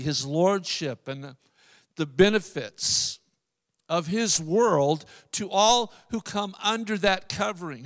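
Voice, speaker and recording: A man preaching a sermon, emphatic, with drawn-out phrases and repeated lines. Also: sits high, fairly bright tone, big-room sound. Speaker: pastor.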